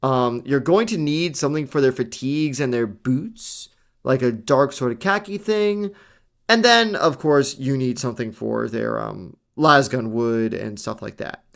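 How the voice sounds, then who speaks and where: A man's voice: medium pitch, a little slow, vocal fry, a bit bright. Chatty young man, slangy and eager. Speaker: podcast co-host. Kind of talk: casual hobby chat.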